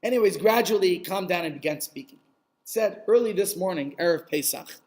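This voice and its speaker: A man telling a Hasidic story aloud, animated and sprinkled with Yiddish words. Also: sits high, fairly quick.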